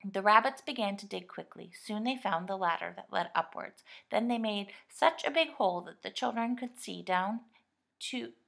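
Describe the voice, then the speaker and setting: A woman reading a children's storybook aloud in a lively, expressive way. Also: mid-range voice, normal speed, gravelly. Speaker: reader. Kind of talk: storybook narration.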